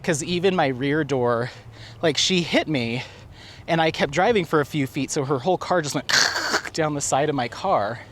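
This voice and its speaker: A man with a slightly high voice tells a story in a chatty, animated way, laughing now and then as he walks outside. Faint traffic and street noise sit behind him, picked up by a handheld camera. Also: normal speed. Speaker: vlogger. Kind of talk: casual storytelling while walking. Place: outdoors on a city street.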